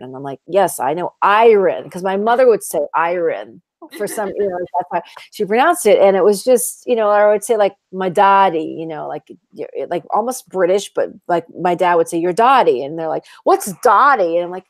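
Animated woman telling stories, dry sound. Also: lowish voice, moderate pace, dry recording. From Iraq. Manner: animated storyteller, laughs often, mimics voices. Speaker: guest author. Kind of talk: casual podcast chat.

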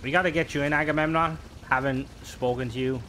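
Streaming a game, this young man chats loosely, full of fillers and teasing asides. His fairly high voice stays steady in tone, moves at a fairly quick clip, and sounds pushed and bright. Light background noise is present.

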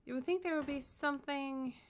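A woman's voice: sits high, fairly quick, slight background noise. A young woman doing horror game commentary, scared and swearing as she talks herself through it. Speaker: gaming streamer.

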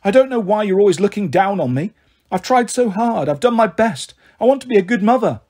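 A man voicing an anxious, tattooed mother who drinks and tries hard to please, coaxing with endearments in a husky voice. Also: sits high, big pitch swings, fairly quick, voice pushed up, full character voice. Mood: pleading.

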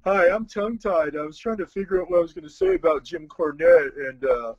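A man guesting on a chat show, talking excitedly, tripping over and repeating words, and laughing. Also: high voice, fairly quick, husky, no echo, dull audio. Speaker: podcast host, guest. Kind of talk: casual chat.

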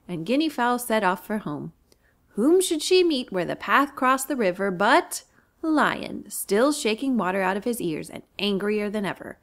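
A woman reads a children's storybook aloud as a librarian. Her pitch swings widely and the delivery is animated. She sounds expressive and clear. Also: measured pace.

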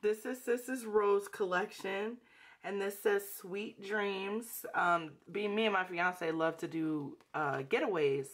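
Slow, gushing woman unboxing on camera. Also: mid-range voice. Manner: gushing, emotional, slangy, calls viewers sis and y'all. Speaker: budgeting channel host. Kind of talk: casual unboxing vlog.

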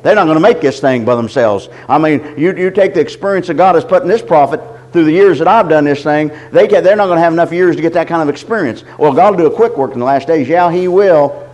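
A middle-aged man preaching a sermon, reading scripture slowly and deliberately, often stopping to repeat his words. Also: on the high side, darkish tone, poor audio. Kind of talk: sermon teaching.

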